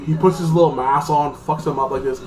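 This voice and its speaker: A man's voice: fairly high pitch, steady tone, fairly quick, background noise. Rambling man reviewing a movie. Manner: rambling, full of "like", acts out characters. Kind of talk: casual spoken movie review. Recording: voice a bit far from the mic, faint music behind.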